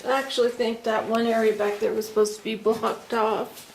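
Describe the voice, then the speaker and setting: A woman investigator chatting and joking in a relaxed way while she explores a building. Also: a little high, normal speed, vocal fry, roomy sound, a little hiss or hum, low-quality recording. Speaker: paranormal investigator. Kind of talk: casual chatter during investigation.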